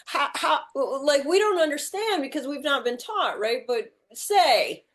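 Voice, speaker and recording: A woman's voice: sits high, big pitch swings, measured pace, fairly bright tone. A woman guest on a podcast, talking casually. She tells playful stories, laughs often, and voices characters. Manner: storytelling, playfully acts out characters. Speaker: podcast guest, spiritual healer. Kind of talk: casual conversational interview.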